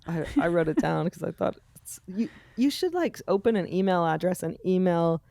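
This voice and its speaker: Lower-voiced woman telling a funny story. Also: vocal fry, no room sound. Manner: animated anecdote telling, quick to laugh. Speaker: podcast co-host. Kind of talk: casual comedic chat.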